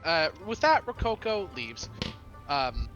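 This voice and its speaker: A man's voice: a little high, big pitch swings, slow, fairly bright tone, highs cut off, soft background music. A man narrating as game master of a tabletop game, chatty and loose, often stopping to restart a phrase. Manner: chatty, many fillers and restarts while narrating.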